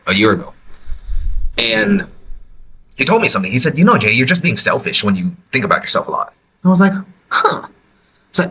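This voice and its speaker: A man talks through his own podcast in an animated, emphatic way, his pitch swinging widely and jumping to high exclamations. His voice is bright and forward. A faint hiss sits under the quiet room. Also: poor audio. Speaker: podcast host reacting to a clip. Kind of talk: reaction commentary, casual monologue.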